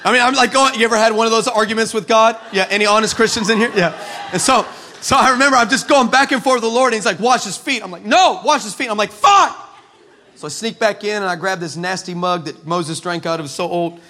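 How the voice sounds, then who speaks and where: A man from El Paso preaching a comic storytelling sermon, animated and sarcastic, with many stammered restarts. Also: high-pitched, fast talker. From El Paso, West Texas, USA. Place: church.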